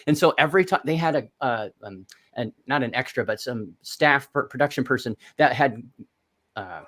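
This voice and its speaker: A man's voice: medium pitch, expressive, normal speed, fairly bright tone. A man in his fifties hosts a casual live stream chat. He rambles through long stories, stopping and restarting his sentences as he goes. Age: 50s. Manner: chatty storyteller, rambling with restarts. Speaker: livestream host.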